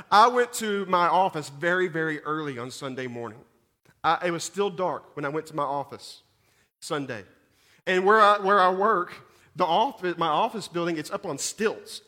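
Animated pastor, bright voice. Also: male voice. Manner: animated storyteller, repeats words, rises in pitch and volume at dramatic moments. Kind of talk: sermon with scripture reading and storytelling.

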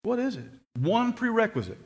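A man preaching a sermon, telling stories and rising to excited shouts when he quotes people. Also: high-pitched, normal speed. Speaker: pastor.

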